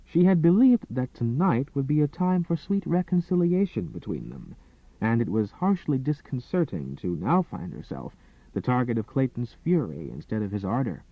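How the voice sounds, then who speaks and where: A man narrating a romance audiobook in a dramatic, expressive reading style. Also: mid-range voice, moderate pace, no room sound. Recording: dry, tinny phone-like sound.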